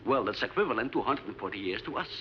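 A man's voice: medium pitch, lively intonation, racing, noisy background, natural voice. An actor playing an older research scientist and father, speaking in an earnest, lecturing way in a 1950s film. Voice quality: lecturing, emphatic delivery. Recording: muffled old film soundtrack with music.

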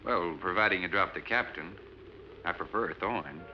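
An actor playing a practical sea captain in a 1950s film, calm and matter-of-fact. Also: male voice, sits low, moderate pace, slight background noise, natural voice. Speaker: ship captain. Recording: muffled old film soundtrack with music.

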